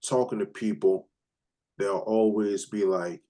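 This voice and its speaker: An American hip hop producer living abroad joins a casual interview as a guest over a remote call. His fairly low voice is warm, steady, and unhurried; he's laid-back, swears freely, and stumbles through restarts.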